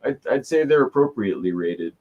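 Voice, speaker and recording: A man's voice: mid-range voice, lively intonation, fairly quick, narrow, tinny audio. Chatty, opinionated man on a stream. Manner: chatty and opinionated, restarts sentences. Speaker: guest on a livestream chat. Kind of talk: casual chat.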